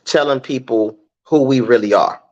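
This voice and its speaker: Middle-aged comedian with a dull lo-fi sound. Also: male voice, mid-range voice, normal speed, darkish tone. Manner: easygoing, repeats words while searching for them. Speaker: comedian and podcast guest. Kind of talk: casual chat.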